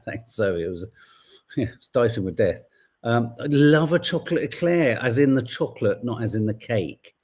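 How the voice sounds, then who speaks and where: A man's voice: mid-range voice, a little mellow, husky. A middle-aged man hosting a podcast, chatting casually with viewers in a rambling, self-correcting way. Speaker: podcast host. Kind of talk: casual chat greeting live viewers.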